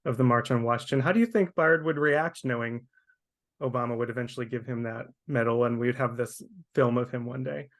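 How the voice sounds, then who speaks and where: A man's voice: medium pitch, a little fast, fairly bright tone. A man hosting a webchat interview over a video call, asking curious, conversational questions. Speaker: interview host.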